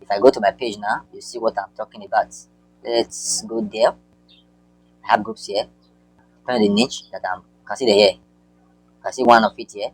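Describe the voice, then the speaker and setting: Man giving a halting screen-share tutorial. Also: on the low side, fairly even intonation, husky, soft background music, rough recording. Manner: halting, repeats words, many fillers. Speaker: online marketing tutor.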